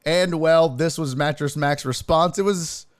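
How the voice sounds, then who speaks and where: A man hosting a casual streamed sports talk show, profane and excitable, chatting with his viewers. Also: on the high side, unhurried, dry recording, studio quality. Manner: profane, excitable, talks to chat.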